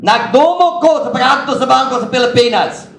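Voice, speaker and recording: A man's voice: extremely high pitch, lively intonation, fairly quick, reverberant, noisy background. An American man preaching a sermon as pastor, telling stories in a chatty way and mixing in Cebuano phrases. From United States. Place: church.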